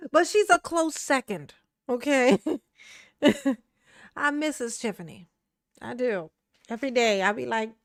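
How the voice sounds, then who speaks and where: A woman's voice: on the high side, expressive, unhurried, creaky, long pauses, fairly bright tone, no echo, studio quality. A woman hosting casual online commentary, chatty and slangy, laughing often and talking back to what she watches.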